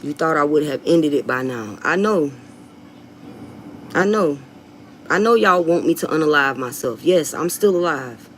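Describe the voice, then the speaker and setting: Speaking unhurriedly with frequent pauses, a low-pitched, animated woman with a Southern US accent, a mother, vlogger and rapper, addresses viewers casually, defiant, blunt, and profane. Slight background noise comes through the rough recording.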